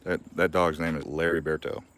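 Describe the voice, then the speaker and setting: A man's voice: a bass voice, flat delivery, a little fast, a bit bright. A young man hosting a casual live-stream Q&A from his backyard garden, rambling and laughing often. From Arizona.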